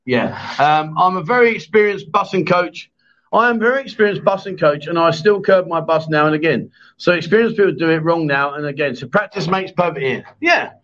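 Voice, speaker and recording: A man's voice: on the high side, a little fast, fairly bright tone. A man hosting a live-stream chat show, teasing his co-host, rambling and reading out viewer comments. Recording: dull lo-fi stream audio.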